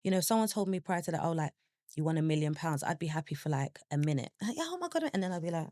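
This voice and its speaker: A woman's voice: low-pitched, rapid-fire, warm tone, no room sound, clean studio sound. A young woman, telling her own story as a podcast guest and acting out her past thoughts in quoted asides. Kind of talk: candid personal storytelling.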